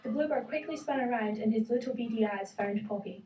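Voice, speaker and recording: A woman reading a children's fairy tale aloud, telling it gently and expressively. Her voice is mellow and sits a little high, and it sounds distant in an echoey room with a faint hiss underneath. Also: fairly quick, hardly any pauses. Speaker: storyteller.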